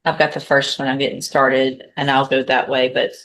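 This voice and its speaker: A low-pitched woman acting as judge in a courtroom methodically reads formal charges and asks plea questions. Her delivery is flat with a fairly bright tone, and she pauses to think aloud as she works through her papers.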